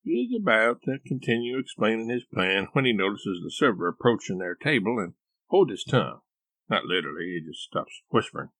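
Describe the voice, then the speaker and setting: Male author reading his comic novel aloud, low voice with lively ups and downs, dry close sound. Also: dry recording. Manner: wry, expressive storytelling. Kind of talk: scripted narration of a comic story.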